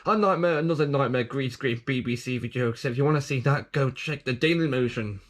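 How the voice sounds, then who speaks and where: A man's voice: medium pitch, brisk. A man getting over a cough, chatting casually in a vlog and rambling with lots of fillers and restarts. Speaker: vlogger. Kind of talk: casual unboxing chat.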